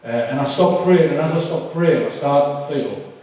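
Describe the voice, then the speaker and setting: A man giving an emotional personal testimony, halting and full of fillers. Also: on the high side, animated, warm tone. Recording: echoey hall, far from the mic.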